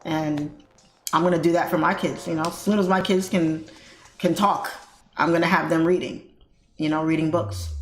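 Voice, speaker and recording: A young adult woman hosting a live trading stream in a casual, animated, chatty way, reading viewer comments aloud. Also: fairly low pitch. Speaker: trading livestream host. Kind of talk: casual livestream chat while trading. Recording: roomy echo with faint music behind.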